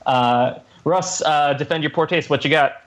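A man's voice: on the high side, moderate pace, a bit bright, a little hiss or hum. A man hosting a casual podcast chat, laid-back and full of fillers and laughs. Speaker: podcast host.

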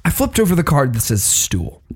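A man playing a bearded drunk uncle applying for a job, with a deadpan, halting delivery. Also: on the high side, breathy edge, exaggerated voice.

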